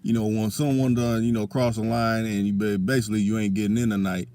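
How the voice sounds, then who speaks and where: A man's voice: lowish voice, flat delivery, fast, mellow, a little hiss or hum. A man co-hosting a casual talk show, often chiming in with short agreements and speaking bluntly, with plenty of swearing. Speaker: co-host. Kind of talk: casual chat.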